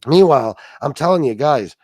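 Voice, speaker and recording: A man's voice: fairly high pitch, lively intonation, moderate pace, darkish tone, dry recording, studio quality. A middle-aged man hosting a livestream, ranting and mocking a rival with heavy swearing and asides to viewers. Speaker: livestream host. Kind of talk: casual profane rant.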